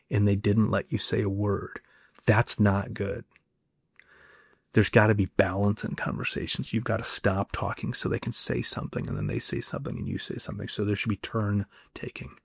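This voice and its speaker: A man's voice: fairly low pitch, moderate pace, gravelly, breathy edge, dry recording, clean studio sound. A man hosting a solo podcast, teaching communication in a conversational way, often repeating and restarting words and asking rhetorical questions. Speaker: podcast host and communication coach.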